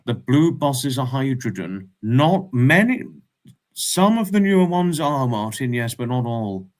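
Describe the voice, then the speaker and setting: A man's voice: mid-range voice, very animated, measured pace. A man hosting a casual livestream, reading chat messages aloud and reacting with frequent laughs.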